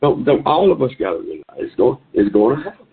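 A man's voice: medium pitch, sing-song, quick pace, creaky, breathy edge. A man preaching a sermon to listeners on a conference call, exhorting in a repetitive preaching cadence. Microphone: phone call. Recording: tinny phone line.

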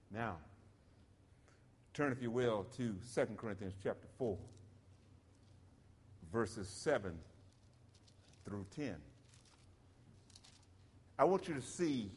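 A man's voice: a little high, slightly rough, in a large hall. A middle-aged man from South Carolina, preaching a sermon in a church with emphatic call-and-response.

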